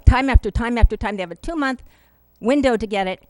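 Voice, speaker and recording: Lady pleading at a city council mic, halting, kinda emotional, dead dry sound. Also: a little high, a little mellow, no room sound, low-quality recording. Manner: earnest, emotional, halting with fillers. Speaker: public commenter at city council. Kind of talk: public comment speech. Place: city council meeting room.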